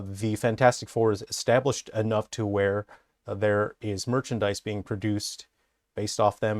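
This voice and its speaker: A man's voice: lowish voice, darkish tone, no echo, clean studio sound. A man working as a character designer, giving an enthusiastic, rambling commentary full of hesitations. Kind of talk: casual commentary breakdown.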